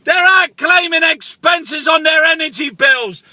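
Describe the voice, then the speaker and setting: Man, angry political rant, very high voice, dry close sound, shouting, swearing, restarts. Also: measured pace, no echo.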